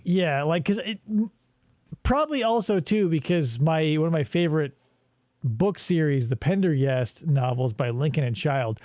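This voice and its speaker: Animated, profane Arizona man chatting. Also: a little high, moderate pace, dry recording, clean studio sound. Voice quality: animated, profane, rambling riffs. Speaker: podcast co-host. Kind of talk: casual chat reacting to old commercials.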